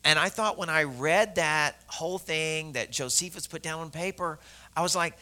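A man's voice: on the high side, normal speed, pushed and bright. A man from Arkansas preaching a sermon to a congregation in a conversational, joking way, with many fillers and asides to the audience. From Arkansas, US South. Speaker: pastor.

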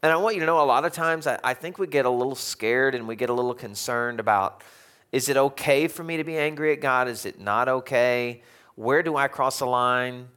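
A man's voice: mid-range voice, fairly bright tone. A man preaching a sermon as pastor, conversational, with wry humorous asides and rhetorical questions to the congregation.

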